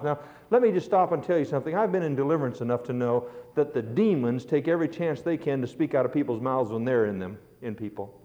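A man's voice: medium pitch, fast talker, dark tone. A middle-aged man preaching a sermon, telling stories with earnest, rising emphasis. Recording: dull lo-fi recording.

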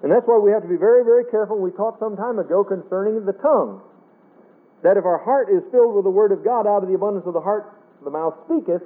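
Folksy high-voiced preacher on tinny radio. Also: male voice, quick pace, slightly rough. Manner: folksy, earnest preaching with wide swings in pitch. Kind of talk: sermon. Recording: tinny phone-line radio broadcast.

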